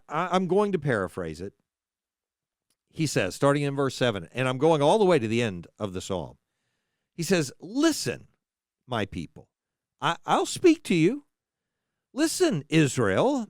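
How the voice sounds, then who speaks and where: A man teaching scripture in a preaching style, emphatic and animated, with drawn-out stresses and frequent restarts as he thinks aloud. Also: on the high side, clean tone, dry recording, studio quality. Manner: restarts and repeats words while thinking aloud. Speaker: podcast host teaching scripture.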